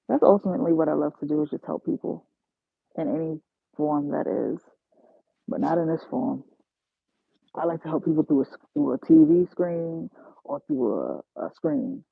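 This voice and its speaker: Gravelly-voiced New woman chatting. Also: low voice, no echo. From New York. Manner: chatty, slangy, self-mocking, laughs often. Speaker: travel nursing aide, livestream host. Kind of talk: casual livestream chat. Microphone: phone. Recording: dull lo-fi phone audio.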